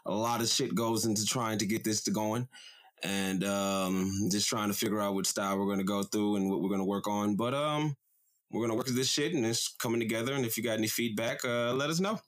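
A man's voice: on the low side, steady tone, a little fast. A young adult man co-hosting a casual podcast chat, rambling loosely with lots of fillers and cussing. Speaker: podcast co-host.

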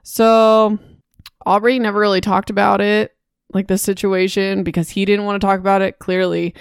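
A woman hosting a book podcast, talking casually and getting worked up in her asides. Her voice is smooth and clean, recorded dry and close with no room sound. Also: mid-range voice, moderate pace, dry recording. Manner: chatty, animated, indignant asides. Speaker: podcast host.

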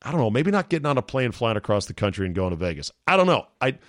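A male podcast host in a casual monologue who swears freely and rambles. He speaks at a middling pitch. The sound is dry and close, with no room around it. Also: sing-song, quick pace, fairly bright tone, dry recording. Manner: profane, rambling, emotional. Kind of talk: casual podcast monologue, reading a listener email.

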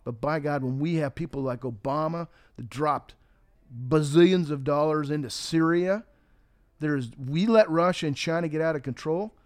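A man's voice: fairly high pitch, normal speed, no room sound, studio quality. A man on a talk show, telling a joke and talking politics in a folksy, emphatic way. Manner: folksy storyteller, emphatic, forceful when riled.

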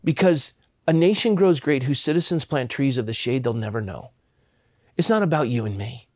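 A man's voice: mid-range voice, expressive, normal speed, a little mellow, dry recording, studio quality. A man in his fifties from Southern California, telling a personal story as a guest with earnest emphasis and frequent stammered restarts.

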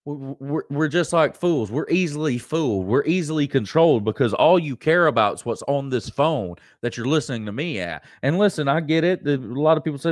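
A man's voice: mid-range voice, brisk, dry recording, studio quality. A man with a Southern American accent hosting a live-stream show, ranting in a preachy, emphatic way and repeating lines for effect. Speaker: host.

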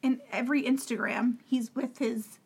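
An opinionated woman with a fairly high voice, trading takes on a reality show in casual podcast chat. She talks emphatically and cuts in often. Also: fairly even intonation, moderate pace, breathy edge. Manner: opinionated, emphatic, talks over the other host. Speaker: podcast co-host.

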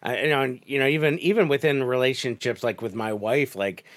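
A man's voice: mid-range voice, brisk. A man on a podcast panel, reflecting on family life in casual chat and often restarting his sentences.

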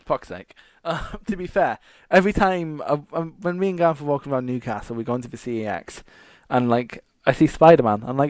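A man's voice: mid-range voice, fairly quick, darkish tone, dry recording. Scottish male podcast co-host; rambling, laughing delivery; dry recording. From Scotland. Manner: rambling, laughing often, self-interrupting. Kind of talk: casual chat.

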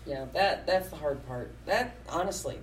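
A middle-aged woman who runs a small business, talking bluntly and getting animated in a casual conversation. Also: low voice, moderate pace, recorded from a distance, slight background noise, poor audio. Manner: blunt and opinionated, gets animated.

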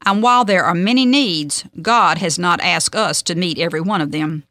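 A woman's voice: fairly low pitch, moderate pace, pushed and bright, no echo, studio quality. Woman reading a radio devotional. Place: radio studio.

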